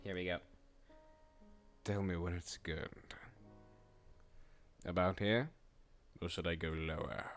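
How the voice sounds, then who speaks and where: A man with a fairly low voice chats casually into his desk mic during a live stream. He thinks out loud and laughs at his own slips. Faint music plays underneath. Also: fairly even intonation, takes it slowly, pauses often. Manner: chatty, thinks aloud, laughs at himself. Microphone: desk microphone.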